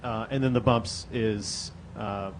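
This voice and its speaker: A man's voice: lowish voice, fairly even intonation, takes it slowly, slight background noise. A man hosting a convention panel in a loose, chatty way, reading out fan questions. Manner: loose, chatty, lots of fillers. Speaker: panel host. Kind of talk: casual panel moderation.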